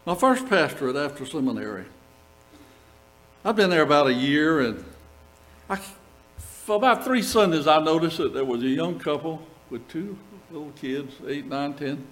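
A man's voice: fairly high pitch, lively intonation, moderate pace, a bit bright, poor audio. An older man, a pastor preaching a sermon, reading scripture and telling stories with asides to the congregation. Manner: storytelling, reads scripture aloud with asides to the congregation.

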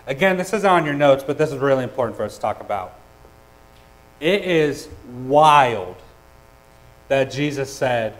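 A man preaching a sermon, earnest and personal, with hesitant restarts and swings between loud and soft. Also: medium pitch, lively intonation, moderate pace, pauses often, low-quality recording. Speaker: pastor.

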